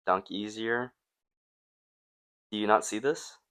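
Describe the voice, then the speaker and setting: Low-voiced young man, dry banter. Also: slow, fairly bright tone, smooth. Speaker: podcast co-host. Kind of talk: casual chat.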